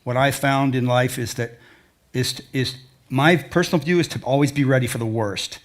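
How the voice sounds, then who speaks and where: A man's voice: mid-range voice, steady tone, normal speed. An older man giving a presentation to an audience, telling rambling, folksy stories from his travels. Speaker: adventure travel speaker. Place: lecture hall before an audience.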